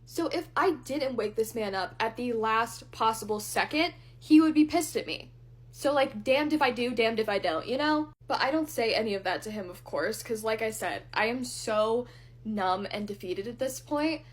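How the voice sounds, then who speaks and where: A woman's voice: on the high side, animated, moderate pace. A young woman vlogger telling a personal story in a candid, blunt way while doing her makeup, with the odd swear word.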